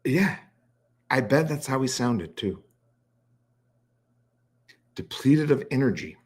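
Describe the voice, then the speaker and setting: A man's voice: mid-range voice, big pitch swings, takes it slowly, breathy edge. A man commenting casually on clips, sarcastic and profane, mocking what he hears. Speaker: streamer reacting to clips.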